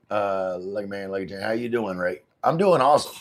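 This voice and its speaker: Man, middle-aged, low voice, laid-back live-stream chat, reads viewer comments aloud. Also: expressive, brisk, few pauses. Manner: reads chat messages aloud and answers them chattily. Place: home in the Philippines.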